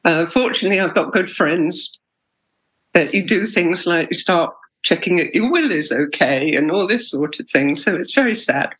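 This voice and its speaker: A woman's voice: on the low side, expressive, moderate pace, a bit bright, breathy edge, rough recording. A middle-aged woman, telling her own story in an interview, candid and emotional, with hesitations. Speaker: interviewee, patient. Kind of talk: personal interview.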